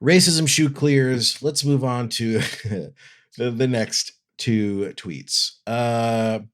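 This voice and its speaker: A man's voice: mid-range voice, very slow, fairly bright tone. A man hosting a podcast, running the segment and calling on his guests in casual chat. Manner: runs the segment, calls on guests. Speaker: podcast host.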